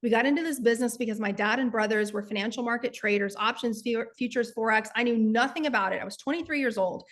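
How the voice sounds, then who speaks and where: Speaking quickly with hardly a pause, this woman has a slightly high, fairly bright voice. She's a Texan sales coach appearing as a guest, earnestly and emphatically sharing motivational stories and addressing everyone as "y'all."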